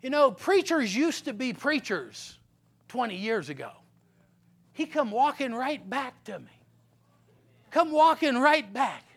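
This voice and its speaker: A man with a strikingly high voice tells his life story from the pulpit. He is folksy and direct, keeps checking in with the crowd, and drops to low, serious tones for the hard parts. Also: measured pace, long pauses. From Pennsylvania. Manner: animated storyteller, swings from loud punchlines to low grave tones; folksy, talks straight to the audience with "okay?". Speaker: guest speaker giving a testimony. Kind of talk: testimony sermon, storytelling.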